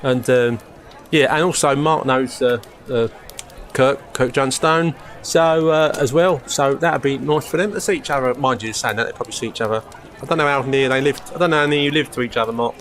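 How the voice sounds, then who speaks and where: Slight background noise sits under this casual live stream, where a man chats with viewers he calls mate. His mid-range voice is fairly bright and a little fast. Forgetful and rambling, he frequently loses his thread.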